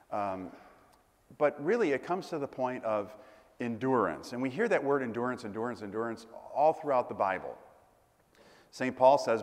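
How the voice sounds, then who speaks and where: A man preaching a sermon as pastor, conversational and digressive, with light asides and humor. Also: medium pitch. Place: church. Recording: echoey church hall with long reverb.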